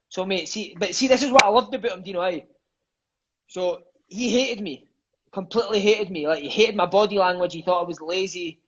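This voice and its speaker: A Scottish man and former footballer telling lively, profane stories in an interview, calling everyone "mate". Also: high voice, fairly quick, highs cut off, a little hiss or hum. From Scotland. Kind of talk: storytelling interview chat.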